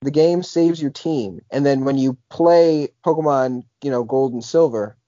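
A man's voice: medium pitch, measured pace, warm tone, no room sound. Rambling young man on a podcast. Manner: rambling, full of "like" and restarts. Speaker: podcast co-host. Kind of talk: casual chat. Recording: dull lo-fi podcast audio.

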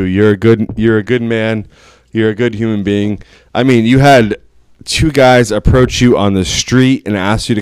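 A man's voice: lowish voice, a little mellow, smooth, no echo. Effusive man co-hosting a podcast. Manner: effusive, joking. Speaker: podcast co-host. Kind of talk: casual podcast banter.

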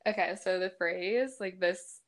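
A woman's voice: lowish voice, unhurried. A young woman in her twenties with a Pittsburgh accent, chatting casually as a podcast co-host and telling stories with lots of fillers. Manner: chatty storyteller, many fillers, frequent laughs. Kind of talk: casual chat.

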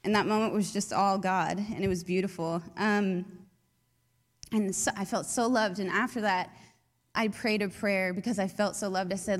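A woman's voice: medium pitch, steady tone, moderate pace. Young woman youth leader telling her story, chatty, lots of likes, echoey hall. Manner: chatty, many fillers and likes. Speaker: youth leader giving testimony. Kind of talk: personal testimony talk. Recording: long hall reverb.

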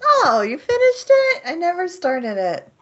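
A woman's voice: very high-pitched, wildly swooping pitch, measured pace, fairly bright tone, highs cut off. A woman co-hosting a podcast, giving brief reactions and laughing at her partner's story. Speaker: podcast host. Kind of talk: casual chat.

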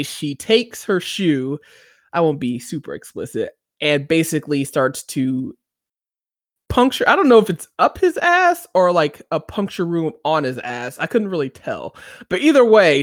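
A man co-hosting a podcast, casually recapping a TV episode with animated storytelling and loud excited outbursts. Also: fairly high pitch, moderate pace, no room sound, clean studio sound. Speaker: podcast co-host.

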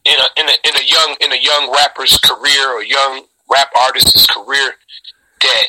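Husky, very bright-voiced man telling stories. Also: moderate pace, rough recording. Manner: animated and profane, reenacting quotes with sudden high shouts. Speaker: rapper. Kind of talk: storytelling in a casual interview.

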